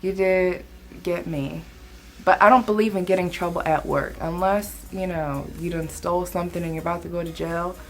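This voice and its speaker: A woman's voice: on the low side, fairly even intonation, moderate pace, slight background noise. A young woman telling a work story in a casual, chatty vlog. She acts out other people's lines as she goes.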